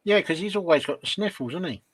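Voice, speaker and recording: A man's voice: sits high, lively intonation, quick pace, fairly bright tone, breathy edge, no room sound. A man co-hosting a casual livestream chat, agreeable and easygoing, often restarting his sentences. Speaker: livestream co-host.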